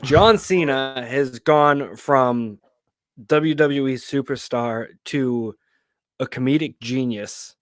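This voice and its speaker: A man co-hosting a casual movie podcast, talking with drawn-out enthusiastic emphasis. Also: medium pitch, no echo. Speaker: podcast co-host. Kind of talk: casual movie review chat.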